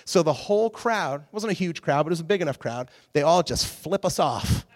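A man giving a casual sermon, telling a story with lively acted-out quotes to a youth audience. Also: high-pitched, brisk, few pauses. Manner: animated storyteller, acts out quotes. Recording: long hall reverb.

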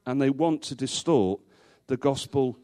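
A man's voice: mid-range voice, a little slow, dark tone. A male pastor preaching a sermon to a congregation in a church, emphatic, repeating rhetorical questions and dropping in dry humorous asides.

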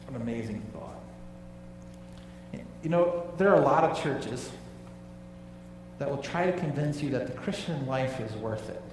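A man preaching a sermon, emphatic, dropping low and quiet on key phrases. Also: expressive, measured pace, long pauses, far from the mic, a little hiss or hum. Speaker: pastor. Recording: echoey hall, voice from off-mic.

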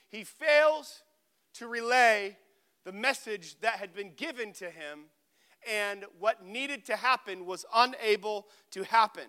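A man's voice: high voice, sharp tone, smooth. A young adult man preaching a sermon as pastor, telling a funny personal story with acted-out dialogue. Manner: storytelling with self-deprecating humor and acted dialogue.

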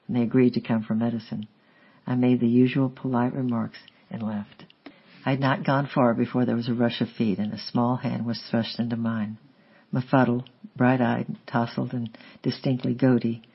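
Guy reading a memoir aloud, gravelly and husky, steady and measured. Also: medium pitch. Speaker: audiobook reader. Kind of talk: memoir narration read aloud. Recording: slightly dull lo-fi recording.

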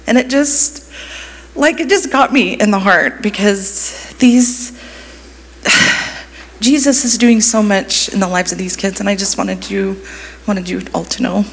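A woman's voice: mid-range voice, unhurried, breathy edge. A woman youth ministry leader giving an emotional personal testimony in church, gushing and full of fillers. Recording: long hall reverb, faint room noise.

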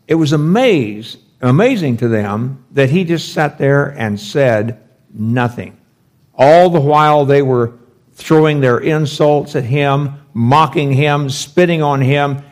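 Slow-talking man teaching scripture. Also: mid-range voice. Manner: slow, conversational, thinks aloud with rhetorical questions. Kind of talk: verse-by-verse Bible teaching.

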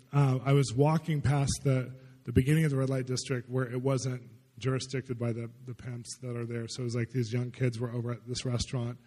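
A man preaching a sermon as a testimony story. He rambles excitedly with many fillers. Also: medium pitch. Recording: long hall reverb.

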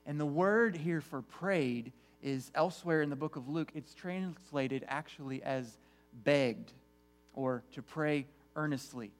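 A man's voice: on the high side, unhurried. A man preaching a sermon to his congregation in an earnest way, often repeating words as he restarts phrases. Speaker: pastor.

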